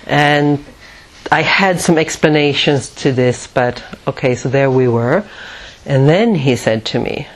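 A woman's voice: a bass voice, measured pace. A woman teaching at a retreat, telling a personal story in a reflective way and often laughing at herself.

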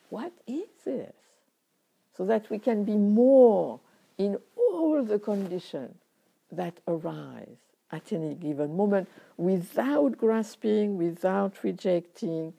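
Dark gravelly woman teaching meditation. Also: mid-range voice. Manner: reflective, in short phrases with frequent pauses.

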